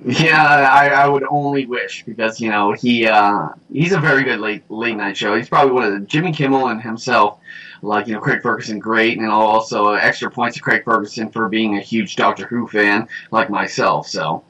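A man's voice: lowish voice, normal speed, bright, forceful tone, rough recording. A man hosting a casual podcast chat, rambling with many fillers and restarts. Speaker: podcast host.

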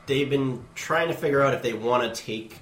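A man's voice: medium pitch, moderate pace, a bit bright, a little hiss or hum. A man in a casual sports chat, sardonic and swearing freely. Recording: echoey room.

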